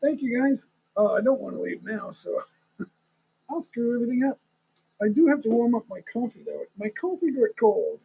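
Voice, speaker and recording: A man's voice: very high voice, expressive, moderate pace, vocal fry, breathy edge, narrow, tinny audio. A man chatting casually on a live stream, rambling and talking straight to his viewers. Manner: rambling, talks to viewers, chuckles often.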